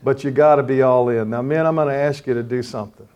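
Older man preaching and praying, gets loud then goes quiet and begging, mid-pitched voice. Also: steady tone, fast, dull audio. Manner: impassioned, pleading, swells loud then drops to hushed. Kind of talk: sermon and fervent prayer.

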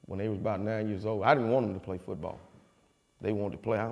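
A man, a former football player giving a folksy, animated testimony with a preaching cadence. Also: lowish voice, quick pace, creaky. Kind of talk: storytelling speech. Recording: long reverb of a hall.

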